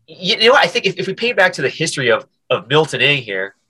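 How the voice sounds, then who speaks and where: A man's voice: on the high side, quick pace, husky. A man, a comedian and podcast guest, telling stories in a casual interview, with lots of stammered restarts. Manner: animated, stammering restarts, acts out voices.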